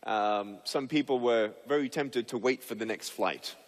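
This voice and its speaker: A public speaker, male, with a mid-range voice and a measured pace, delivers a humorous speech to an audience. He tells stories playfully and acts out scenes, full of fillers and restarts. The sound is that of a big room.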